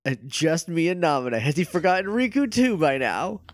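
A man's voice: a little high, very animated, no echo, clean studio sound. A young adult man co-hosting a podcast, reacting with sarcastic jokes and frequent laughter. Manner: jokey, laughs often, quick sarcastic quips. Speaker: podcast co-host. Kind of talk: casual chat.

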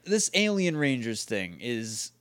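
A man co-hosting a podcast, talking casually in an animated, quick way and laughing often. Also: mid-range voice, dry recording, clean studio sound. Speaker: podcast co-host. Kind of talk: casual chat.

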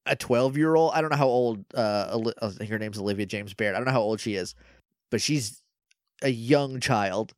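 A man's voice: fairly low pitch, moderate pace, no room sound, clean studio sound. A man co-hosting a podcast in casual chat, rambling and sarcastic. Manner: rambling, sarcastic, acts out quotes. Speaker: podcast co-host.

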